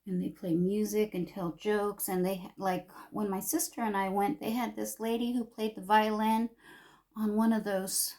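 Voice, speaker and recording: A woman's voice: mid-range voice, level tone, moderate pace, darkish tone. An older woman chatting while getting ready, emotional and confiding, sometimes dropping to a whisper. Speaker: vlogger.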